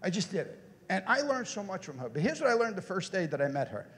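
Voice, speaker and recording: A man with a high, expressive voice gives a motivational keynote at a conference, swinging widely in pitch as he talks. He keeps turning to the audience with direct questions. His voice carries a long reverb from the hall. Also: fast. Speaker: motivational speaker.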